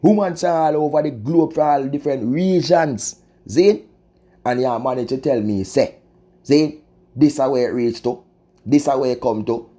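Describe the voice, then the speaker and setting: A man's voice: mid-range voice, moderate pace, dark tone. A man with a Jamaican accent giving impassioned commentary in patois, emphatic and preachy, often breaking off with rhetorical asides. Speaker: vlogger.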